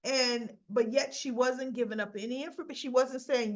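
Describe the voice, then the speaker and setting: A woman's voice: high voice, fairly even intonation, moderate pace, lo-fi sound. A woman giving a chatty, sassy recap of a soap episode, acting out the characters' lines as she goes. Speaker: soap opera reviewer.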